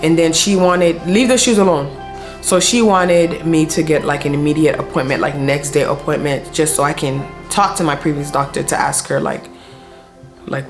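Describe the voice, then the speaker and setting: A woman's voice: low voice, steady tone, a little slow, soft background music. A young woman vlogger telling a personal story in casual, slangy speech full of fillers. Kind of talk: storytime vlog.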